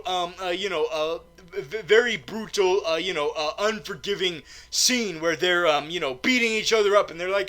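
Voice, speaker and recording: Rambling stammering recap host, high and bright voice, argues with himself. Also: male voice. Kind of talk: comic movie recap.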